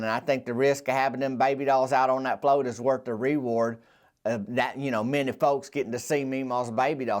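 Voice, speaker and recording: Rambling man telling a tale. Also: mid-range voice. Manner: rambling, chatty, drawling asides. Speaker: podcast host. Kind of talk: folksy storytelling.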